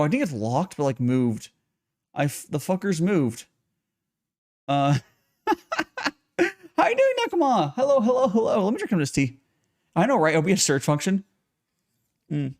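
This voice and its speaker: A man's voice: medium pitch, gravelly. A man chatting casually on a livestream while brewing tea, rambling, greeting viewers and swearing offhandedly. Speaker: streamer brewing tea live.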